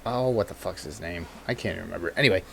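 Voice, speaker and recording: A man's voice: low voice, rapid-fire, creaky. A man hosting a casual podcast chat, rambling and swearing freely, laughing often and reading snippets aloud. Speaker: podcast host.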